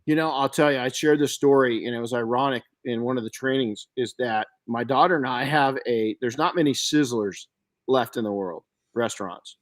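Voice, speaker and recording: A man's voice: mid-range voice, moderate pace. A middle-aged man in the host's seat of a podcast, talking in a mid-range voice. He spins stories with animation, often breaking off and restarting his sentences, in an easy, casual chat. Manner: storytelling, animated, frequent restarts and self-corrections. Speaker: podcast host.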